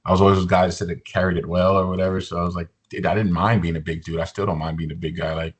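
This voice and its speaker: A deep-voiced man in his forties speaks as a podcast guest, his tone low and a little husky. He tells his story loosely and casually, drops in jokes, and leans on "you know" as he goes. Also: very fast. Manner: relaxed, joking, loose with fillers like "you know".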